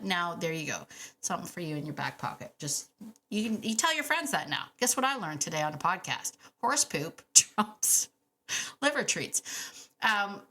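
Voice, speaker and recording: A woman hosting a dog training podcast, telling stories in a chatty, animated way with laughs and fillers. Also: on the low side. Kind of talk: casual podcast monologue.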